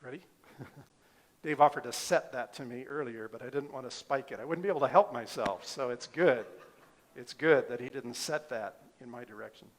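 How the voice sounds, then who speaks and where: A man's voice: mid-range voice, normal speed. A middle-aged male pastor preaching a sermon, emphatic, asking the congregation rhetorical questions.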